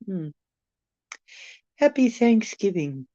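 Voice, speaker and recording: A woman's voice: medium pitch, very animated, slow, warm tone, dry recording, lo-fi sound. A woman from the United States hosting a casual live stream, musing aloud and answering viewer comments. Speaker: channel host chatting with viewers.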